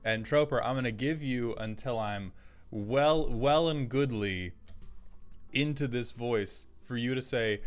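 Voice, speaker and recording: A man hosting a live stream in casual chat, rambling and throwing in quick asides to his viewers. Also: medium pitch. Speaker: streamer host.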